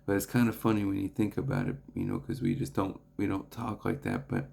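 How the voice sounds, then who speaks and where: A young man reading scripture and reflecting on it in an earnest devotional talk, halting with restarts and fillers. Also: sits low, sing-song, creaky, a little mellow. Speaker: preacher.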